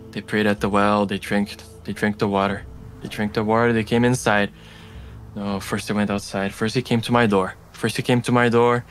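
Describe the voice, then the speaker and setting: A man's voice: lowish voice, lightly acted. A man voicing a panicked old village mother who repeats herself in frantic loops.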